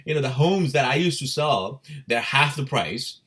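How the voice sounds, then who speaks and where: A man hosting his own stream, telling his life story in a casual, animated way, swearing and laughing often. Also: medium pitch, moderate pace. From India. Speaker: crypto livestream host.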